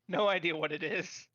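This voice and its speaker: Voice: mid-range voice, pushed and bright. A player in a tabletop game, talking playfully with small laughs. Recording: dull lo-fi mic.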